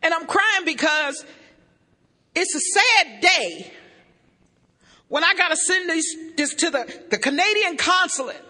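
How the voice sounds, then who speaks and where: Brief: woman, high and very bright voice, folksy self-mocking testimony, long hall reverb. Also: animated, measured pace, long pauses. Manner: folksy, self-mocking storyteller who addresses the crowd directly. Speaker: recovery meeting speaker. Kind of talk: humorous personal testimony to a crowd.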